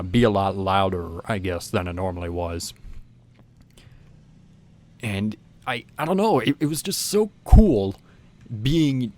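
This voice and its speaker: A man with a somewhat low voice tells a story in a loose, casual way. He stumbles over restarts and leans on filler phrases, and his delivery stays lively and animated throughout. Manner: rambling, frequent restarts and "you know"; animated, acts out whispered quotes.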